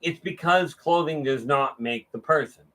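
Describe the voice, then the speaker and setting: Man, motivational talk, casual storytelling, frequent restarts, acts out dialogue, somewhat high voice. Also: normal speed, sharp tone, poor audio. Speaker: motivational speaker. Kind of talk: casual monologue.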